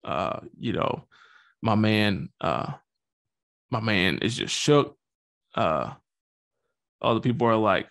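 A man's voice: lowish voice, expressive, slow, gravelly, long pauses, a bit bright. A young man hosting a podcast, talking through a Bible passage in a casual, joking way full of slang. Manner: slangy, joking, loose and chatty. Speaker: podcast host. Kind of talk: casual Bible-study talk.

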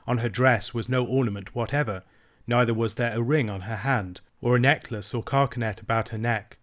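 Man reading a classic storybook aloud. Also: mid-range voice. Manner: measured, even narration. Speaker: audiobook reader.

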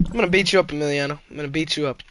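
A man with a high, bright voice talks through a game stream, firing off excited exclamations and curses between casual asides to his chat. His delivery is loose and reactive, addressing viewers directly. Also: rapid-fire. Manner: excitable, swears, bursts of exclamations. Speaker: gaming streamer. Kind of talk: casual live-stream chatter.

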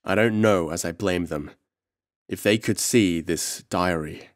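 A man's voice: low-pitched, measured pace, no room sound, studio quality. A man voicing a cool-headed scientist who speaks grimly and decisively, in an audiobook reading. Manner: grim, decisive.

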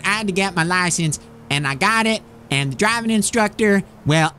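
A man playing an eager, dim-witted rural young man with a put-on rural American drawl, rambling and excitable in game role-play. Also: on the high side, slight background noise.

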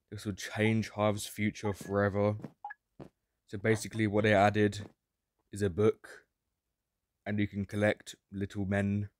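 A man giving excitable, sarcastic gameplay commentary, prone to sudden yelps. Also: fairly low pitch, no room sound, clean studio sound. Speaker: Minecraft YouTuber.

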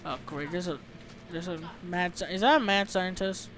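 A young man giving excitable, sweary commentary over his own gameplay, often shouting when startled. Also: high voice, normal speed, slight background noise. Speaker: let's play host.

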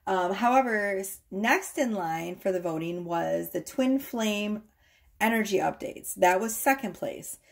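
A woman's voice: medium pitch, animated, measured pace, gravelly. Woman, tarot reader, casual chat, rambling, checks in with viewers. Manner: chatty, rambling, keeps checking in with "okay?".

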